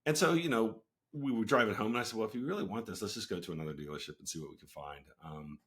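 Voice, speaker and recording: A middle-aged man hosting his own show, telling a story in a relaxed way with lots of fillers and asides. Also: on the low side, quick pace. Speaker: host, company founder. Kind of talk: casual storytelling talk.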